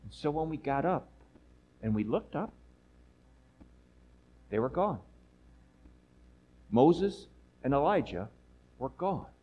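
A man playing an apostle who retells a miracle he witnessed in a first-person dramatic monologue, lively and chatty with asides to his listeners. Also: medium pitch, slow pace, long pauses, highs cut off. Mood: storytelling.

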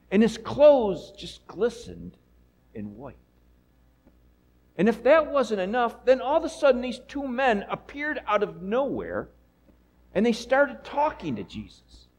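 A man playing an apostle who retells a miracle he witnessed in a first-person dramatic monologue, lively and chatty with asides to his listeners. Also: high voice, heavily acted, low-quality recording.

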